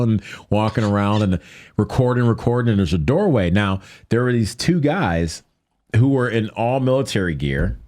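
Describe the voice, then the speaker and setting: A man telling a story as a podcast guest in casual chat, lively and jokey, often acting out what people said. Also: no echo, studio quality. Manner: animated, acts out quoted lines in a higher voice; jokey, conversational with many fillers.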